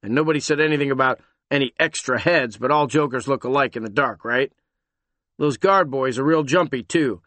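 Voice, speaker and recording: A man reading aloud and voicing a gruff, impatient male police officer who is all business. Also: medium pitch, fairly quick, a bit bright, dry recording, close to an everyday voice.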